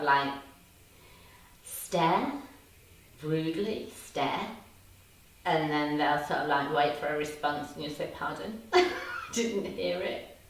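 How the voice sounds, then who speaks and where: Woman in her 50s, low voice, live-chat host who reads out comments and laughs a lot; distant mic in an echoey room with faint hiss. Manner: chatty, laughs often, answers comments warmly. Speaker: livestream host. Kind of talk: casual livestream chat reading viewer comments.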